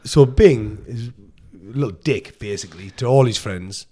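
A man's voice: medium pitch, moderate pace, warm tone. A man co-hosting a podcast, chatting casually, rambling, swearing and laughing often. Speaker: podcast co-host. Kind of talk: casual chat.

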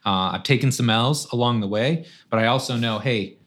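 A man's voice: mid-range voice, normal speed, a bit bright. A man, a guest on a podcast, talking in a casual, conversational way and often tossing in "man" and "right?". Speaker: guest, strength coach.

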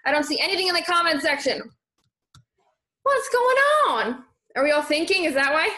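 A young woman hosts a motivational live stream in an echoey room, reading viewer comments aloud. Her high-pitched voice comes out rapid-fire, energetic and encouraging.

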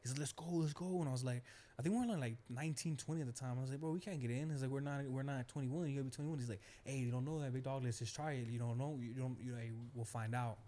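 A young man talks fast in a relaxed, slangy way, telling stories and slipping into his friends' voices when he quotes them. His voice is dark and mellow. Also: medium pitch. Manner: laid-back slangy storyteller, quotes friends in lively voices. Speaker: podcast host. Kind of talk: casual chat, storytelling.

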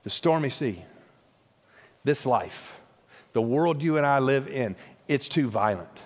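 A male pastor preaching a sermon, emphatic, often repeating words as he builds to a point and then dropping low and quiet. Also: lively intonation, a little slow, pauses often, breathy edge. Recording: long hall reverb.

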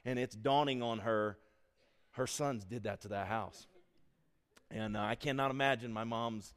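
A middle-aged man preaching a sermon, mixing scripture with animated personal stories that he laughs at. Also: medium pitch, measured pace. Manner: animated storytelling, laughs at his own stories. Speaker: pastor. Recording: long hall reverb.

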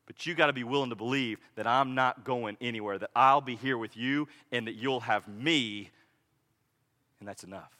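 A man preaching a sermon, dramatic, swinging between loud and hushed as he acts out the people in the story. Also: medium pitch, moderate pace. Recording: echoey hall reverb.

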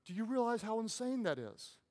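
A man preaching as a pastor, impassioned, repeating phrases and dropping to soft, slow pauses. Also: high-pitched, very animated. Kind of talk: sermon. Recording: long hall reverb.

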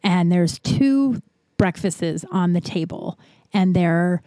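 Woman host, warm dark tone, dry close sound, candid swearing monologue with halting restarts. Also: lowish voice, lively intonation, no echo. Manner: frank and profane, halting with restarts. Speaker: podcast host.

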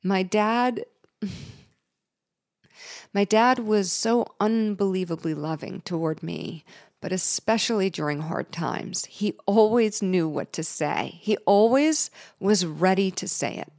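A woman's voice: mid-range voice, slow, darkish tone. A middle-aged woman telling a personal story in a candid, emotional way, with laughs and chatty fillers.

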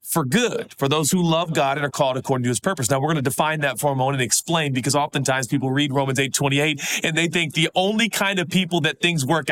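A man in middle age preaching a sermon with a voice pitched a little high. He talks like he's chatting with the congregation, lifting into animated bursts and dropping to quiet, low urging. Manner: conversational, swinging from animated highs to hushed low pleas. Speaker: pastor.

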